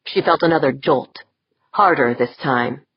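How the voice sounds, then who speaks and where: A woman narrating an audiobook novel in an even, measured reading, in a slightly muffled recording. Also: very deep voice, breathy edge, no room sound. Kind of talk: scripted narration.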